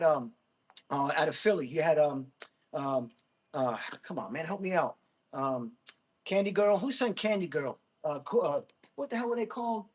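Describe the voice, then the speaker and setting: Excitable, rambling livestreamer. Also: male voice, high voice. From Jersey City, USA. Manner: rambling, excitable, laughs a lot, talks to chat. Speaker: livestream host, Marine veteran. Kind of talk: casual livestream chat.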